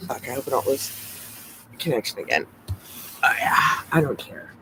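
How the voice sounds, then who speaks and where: A man's voice: medium pitch, moderate pace, pushed and bright, slight background noise, rough recording. A man live-streaming from a phone outdoors, rambling and swearing, often dropping into a mumbled whisper. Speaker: livestreamer. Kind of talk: casual live stream monologue. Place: outdoors on a street at sunset. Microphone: phone camera.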